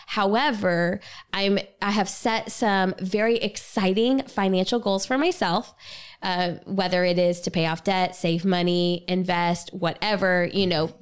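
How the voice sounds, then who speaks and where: A woman's voice: medium pitch, fairly even intonation, unhurried, clean tone. Frank, laughing woman co-host. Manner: frank, laughs easily, acts out sample dialogue. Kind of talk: casual livestream chat.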